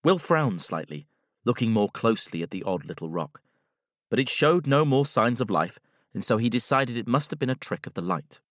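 Male storybook narrator, measured and expressive, dry close sound. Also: mid-range voice, no echo.

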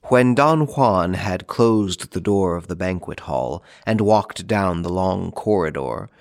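A man reading a classic novel aloud in a measured, formal narration. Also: low voice, animated, gravelly, no echo, clean studio sound. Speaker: audiobook narrator. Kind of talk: scripted narration.

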